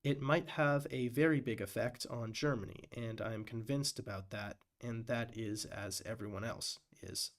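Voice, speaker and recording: Guy reading cautious physicist witness lines, even mid voice, slow plain delivery. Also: mid-range voice, natural voice. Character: male physicist testifying, measured and cautious.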